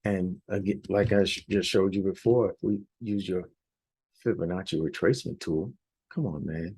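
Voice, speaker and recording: A hoarse man presenting a weekly forex outlook over charts, rambling a little and often checking in with "all right?". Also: low-pitched, normal speed, dark tone. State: hoarse, losing his voice. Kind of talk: unscripted chart walkthrough.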